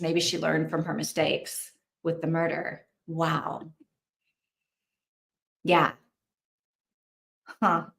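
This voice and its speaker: In an echoey room, a woman with a lowish voice hosts a casual livestream. She chats, thinks out loud and reacts to comments from her viewers.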